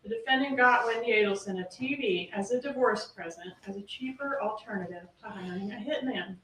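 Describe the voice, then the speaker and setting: A woman's voice: mid-range voice, fairly quick, a bit bright. Emphatic woman prosecutor in a courtroom. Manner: emphatic, rhetorical questioning. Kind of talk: closing argument to a jury. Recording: roomy courtroom audio from a distance, faint hiss.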